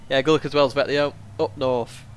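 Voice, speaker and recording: With a clear, resonant, mid-range voice at a normal, steady pace, a man streams his sim race, commentating live and answering chat. Mumbled asides slip out while he drives, and engine sounds from the racing game fill the background.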